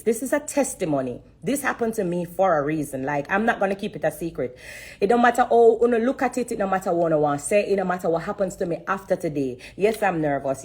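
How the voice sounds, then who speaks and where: A woman gives an earnest, halting testimony on a live stream. She repeats her phrases, pauses often and sounds close to tears. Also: fairly low pitch, a little mellow, slightly rough. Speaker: livestreamer sharing a personal testimony.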